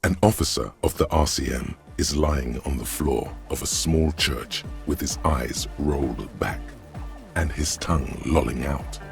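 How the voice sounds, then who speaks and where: A man giving scripted narration for a video game, measured and literary. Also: extremely low pitch, faint music behind, full character voice. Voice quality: gravelly.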